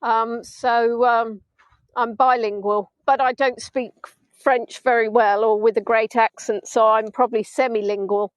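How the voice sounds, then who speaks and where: At sunset on a beach, a woman hosts a live virtual tour, holding her phone on a gimbal and chatting in a bright, high, steady voice at an unhurried pace. Her commentary rambles happily with self-mocking, playful asides, recorded close and dry with no room echo.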